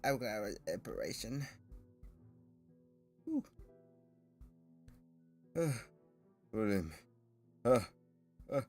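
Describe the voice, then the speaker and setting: Over soft background music, a man with a lowish, darker voice chats casually with his stream viewers, speaking slowly with frequent pauses and big swings in pitch. He rambles, laughs a lot, and makes false starts and restarts, sounding a little self-consciously nervous.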